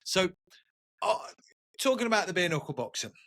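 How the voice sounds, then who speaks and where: A man's voice: sits high, big pitch swings, moderate pace, fairly bright tone. A male podcast host asking a question in a rambling, self-correcting way. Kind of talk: casual interview chat.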